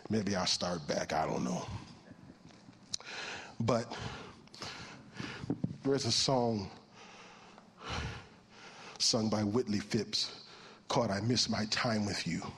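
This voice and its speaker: A man preaching a sermon in an animated way, moving from hushed, almost whispered passages to loud, high shouts. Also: takes it slowly, pauses often, breathy edge, long reverb tail.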